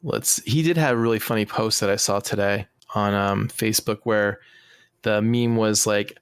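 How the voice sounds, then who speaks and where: A man's voice: fairly low pitch, normal speed, smooth, dry recording. Easygoing rambling man, dry mic. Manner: easygoing, rambling with fillers and chuckles. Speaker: podcast co-host. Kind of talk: casual comedy podcast chat.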